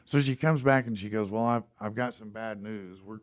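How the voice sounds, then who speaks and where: A man hosting a podcast, telling a story in a casual, animated way and reading ads for sponsors. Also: lowish voice, normal speed. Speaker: podcast host. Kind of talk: casual storytelling and live ad read.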